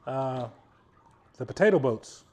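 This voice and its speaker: A man's voice: medium pitch, animated, takes it slowly, a little mellow, a little hiss or hum. A man hosting an outdoor grilling video, talking viewers through each step in a chatty way and joking with them. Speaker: cooking channel host. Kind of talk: casual cooking demonstration.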